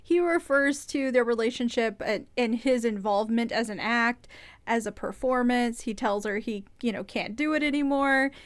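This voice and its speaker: A woman's voice: a little high, moderate pace, dry recording. A woman hosting a casual recap, chatty and opinionated with an amused edge. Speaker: podcast host recapping a reality show. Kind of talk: casual commentary.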